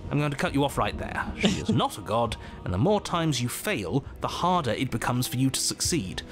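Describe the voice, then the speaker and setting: A man's voice: medium pitch, sing-song, fairly quick, close to an everyday voice. A man voicing the stern, exasperated narrator of a horror game, speaking dryly and with command. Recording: game audio with loud music behind.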